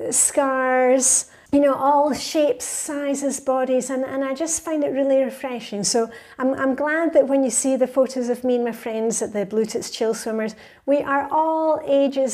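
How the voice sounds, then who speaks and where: Woman, fifties, vlogger answering viewer comments, slightly high and mellow voice, chatty and upbeat. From Scotland. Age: 50s. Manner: chatty and enthusiastic, reads viewer comments aloud. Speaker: lifestyle vlogger.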